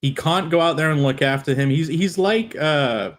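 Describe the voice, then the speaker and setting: A man, a comic creator, chatting casually on a stream in an excitable, rambling way. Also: a little high, normal speed.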